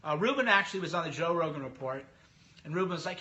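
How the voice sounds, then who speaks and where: A man talking casually on his podcast, his voice pitched high and bright. He gets animated and slips into mocking impressions of other people as he goes. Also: fast talker, muffled recording. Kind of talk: casual monologue.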